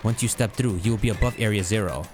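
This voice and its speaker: A man reading out a calm, formal female AI professor in a measured, polite way, with game music behind. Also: fairly low pitch, natural voice.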